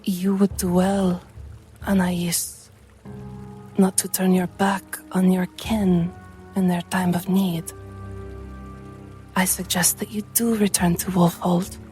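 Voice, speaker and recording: A woman's voice: fairly low pitch, level tone, slow pace, pauses often, mellow, faint music behind. A woman voicing a smug woman mage with a silky, condescending manner. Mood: threatening.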